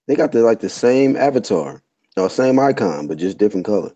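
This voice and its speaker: A man's voice: fairly low pitch, expressive, a little fast, mellow, lo-fi sound. A man on a live-stream panel, teasing others and laughing often. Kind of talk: casual live-stream chat.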